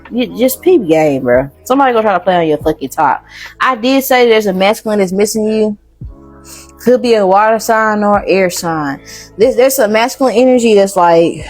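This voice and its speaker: A woman reads tarot in a casual, blunt way. She is slangy and swears often. Her voice sits at a middle pitch, with faint music underneath. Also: a little mellow. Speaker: tarot reader.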